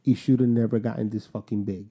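A man co-hosting a podcast in casual chat, rambling with halting restarts and swearing. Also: on the low side, fairly even intonation, warm tone, breathy edge. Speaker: podcast co-host.

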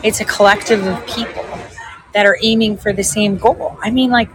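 A woman's voice: medium pitch, level tone, moderate pace, background noise. A woman hosting a casual livestream, talking to viewers in a chatty, rambling way and swearing freely. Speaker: livestream host reading viewer comments.

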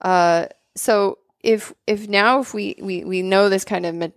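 A woman co-hosting a health podcast, explaining things in a quick, conversational way and often checking in with "right?". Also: mid-range voice, steady tone, no room sound. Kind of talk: explanatory casual chat.

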